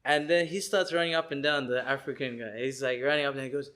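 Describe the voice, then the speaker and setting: A man giving a lecture, telling an animated story and acting out the people in it. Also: medium pitch, fast. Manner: animated, acts out people he describes and sings chants.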